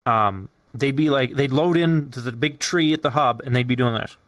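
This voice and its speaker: A man hosting a casual podcast, telling stories in an animated way and swearing often. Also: mid-range voice, normal speed, dry recording, clean studio sound. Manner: animated, profane storytelling. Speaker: podcast host. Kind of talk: casual chat. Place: streaming setup.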